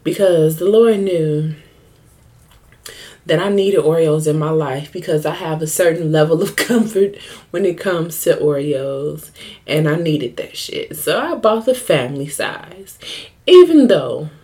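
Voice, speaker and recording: A woman's voice: sits low, animated, unhurried, warm tone. A young woman hosting her own podcast, chatting candidly and profanely in a joking, storytelling way. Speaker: podcast host. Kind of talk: casual solo podcast chat.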